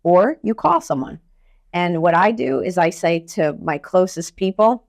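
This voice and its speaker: A woman mental skills coach talking in a podcast interview, energetic and blunt, telling stories with casual swearing. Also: lowish voice, a little slow.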